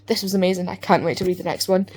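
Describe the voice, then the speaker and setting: A woman with a low-leaning voice talks rapid-fire about books in a casual reading vlog. She's chatty and animated, rambling along with lots of filler words.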